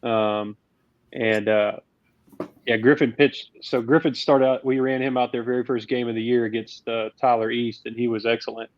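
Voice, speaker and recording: A man, a youth baseball coach, talking in casual, rambling chat with halting restarts. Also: mid-range voice, level tone, dry recording. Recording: dull dry sound.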